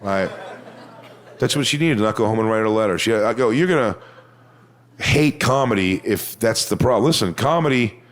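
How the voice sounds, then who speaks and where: A man doing a stand-up set, telling a crude story in a deadpan way and mocking other people with put-on voices. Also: on the low side, moderate pace. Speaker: stand-up comedian.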